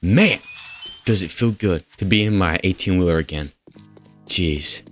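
Low-voiced dude goofing around while he plays, jokes and rambles, faint music behind. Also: a little slow. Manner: jokey, rambling, talks to game characters. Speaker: gaming host. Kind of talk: goofy gameplay commentary.

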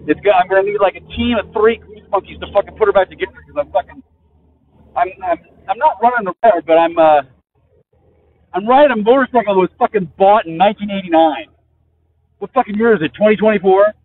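A man rambling in a profane, agitated way while riding a motorcycle, talking into a headset mic. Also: sits high. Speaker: vlogger. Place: outdoors on a motorcycle in traffic. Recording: tinny phone-like headset audio with faint vehicle noise.

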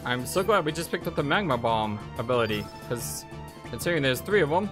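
A man's voice: medium pitch, fairly quick. A man hosting a let's play, giving casual, wry game commentary. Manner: animated, wry, easily amused. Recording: music playing behind voice.

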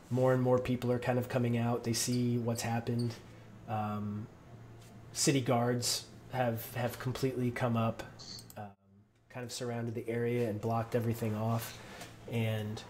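A man's voice: mid-range voice, a little mellow, slight background noise. Man running a tabletop game. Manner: loose, filler-heavy narration. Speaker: game master.

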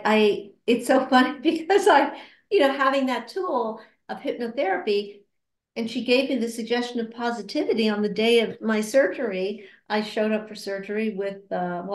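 A woman describes her cancer support center work during a relaxed interview conversation recorded with an echoey, roomy sound. Her earnest, reflective answers are full of hesitations and restarts, and she voices quoted comments at a higher pitch.

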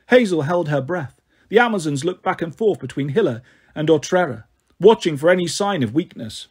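Husky man reading a story aloud. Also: fairly high pitch, expressive, fairly quick, darkish tone. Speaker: narrator. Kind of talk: storybook narration.

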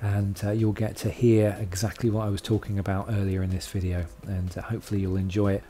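A man's voice: on the low side, fairly even intonation, a little fast, mellow. A man hosting a casual video log, chatty and self-deprecating, rambling with lots of fillers. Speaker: channel host.

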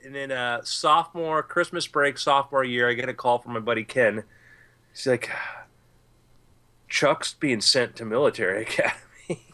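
A man's voice: medium pitch, normal speed, long pauses, bright, forceful tone. A man co-hosting a podcast, telling a rambling story in a laid-back way, with allergies. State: itchy eyes from allergies. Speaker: podcast co-host. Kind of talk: casual storytelling.

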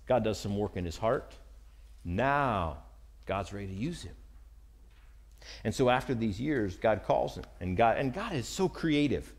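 A man preaching a sermon, animated and acting out the lines of Bible characters. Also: lowish voice, a little slow, long pauses. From United States.

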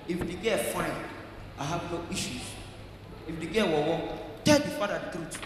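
A man with a Nigerian accent doing live stand-up comedy, switching between pidgin and English and shouting his punchlines. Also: high voice, fairly quick, slight background noise. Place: large church hall, live audience. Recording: echoey hall, faint ambience.

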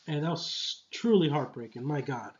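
A man's voice: on the high side, lively intonation, moderate pace, muffled recording. A man giving a casual, enthusiastic film review, rambling with lots of filler phrases. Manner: enthusiastic, rambling, full of "you know".

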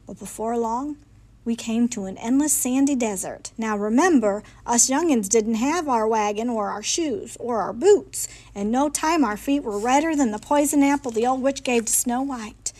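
A woman reading a picture book aloud in a lively, folksy storytelling manner, in a library. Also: fairly high pitch, normal speed.

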